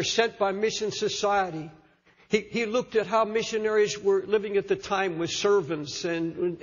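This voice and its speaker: A man's voice: sits high, slightly rough. An older man preaching an impassioned sermon, often repeating words as he presses his point. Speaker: pastor. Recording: lo-fi sermon recording in a hall.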